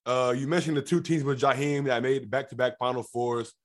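A man hosting a podcast, asking questions in a slangy, animated way and repeating his words as he goes. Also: mid-range voice, brisk. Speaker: podcast host. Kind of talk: casual chat.

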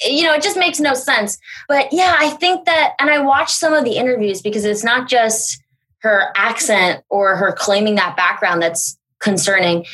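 Bright, animated woman podcast host. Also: medium pitch. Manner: quick, animated, trails into brief put-on voices; talks fast, frequently breaks into impressions. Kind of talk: casual comedic chat.

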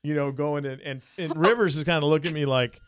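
A man co-hosting a sports podcast, telling stories in an animated way and jumping up in pitch when he quotes people. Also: fast talker, clean tone, no echo. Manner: animated storyteller, jumps high when quoting people. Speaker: podcast co-host. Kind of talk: casual sports talk.

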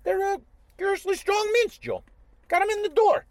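A man's voice: very high-pitched, normal speed, dry recording. A man voicing a goofy, dysfunctional male leprechaun who gives silly literal comebacks and adds the host's name to nearly every line, talking inside a car. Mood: playful. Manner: tacks "Joe" onto nearly every line.

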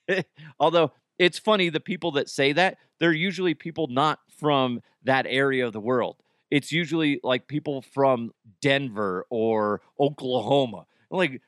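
A man's voice: medium pitch, moderate pace, a bit bright, dry recording, clean studio sound. A man hosting a podcast in a rambling, jokey comedic monologue, laughing often. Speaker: podcast host.

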